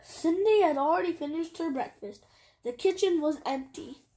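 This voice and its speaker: A woman reading a picture book aloud in a careful, halting way. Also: very high voice, mellow. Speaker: storybook reader.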